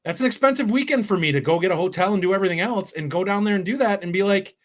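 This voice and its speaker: Animated higher-voiced man on a sports podcast. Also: racing, hardly any pauses. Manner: animated, mimics voices in quoted asides. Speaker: podcast co-host. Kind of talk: casual sports podcast chat.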